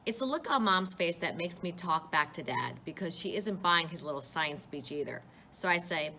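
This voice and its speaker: A woman reading a first-person novel aloud in an expressive, conversational way. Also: fairly low pitch, moderate pace, few pauses, a little hiss or hum.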